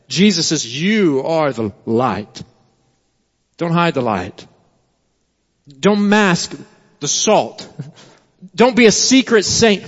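A pastor preaching a sermon, emphatic and repetitive, then dropping to a quiet storytelling tone. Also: male voice, high-pitched. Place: church sanctuary. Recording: long church reverb, dull sound.

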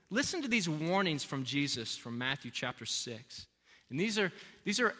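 A man preaches in a church sanctuary, his bright, somewhat high voice ringing with a long hall reverb. He speaks earnestly and repeats key phrases to drive them home. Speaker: pastor. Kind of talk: sermon.

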